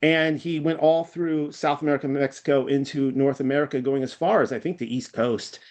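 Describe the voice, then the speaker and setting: A man's voice: medium pitch, fairly even intonation, a little fast, a little mellow. Rambling Californian man, casual chat. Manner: rambling, self-deprecating, many fillers and restarts. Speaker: podcast guest.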